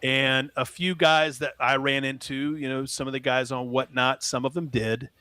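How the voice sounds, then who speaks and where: A man's voice: mid-range voice, level tone, normal speed, bright, forceful tone, clear, resonant tone, no echo. A man co-hosting a music podcast, telling a rambling anecdote in casual chat. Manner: rambling anecdote with laughs, acts out voices. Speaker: podcast co-host.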